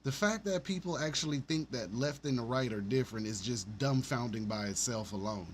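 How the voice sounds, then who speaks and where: A man's voice: medium pitch, brisk, heavy background noise. A man hosting his own podcast, ranting in a profane, sarcastic and rambling way. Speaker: podcast host. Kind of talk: ranting solo commentary.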